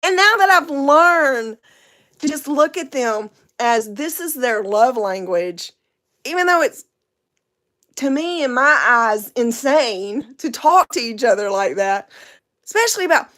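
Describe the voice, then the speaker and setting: A woman's voice: high voice, expressive, unhurried, fairly bright tone. A middle-aged woman, rambling chattily in a casual livestream and laughing often. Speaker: vlogger.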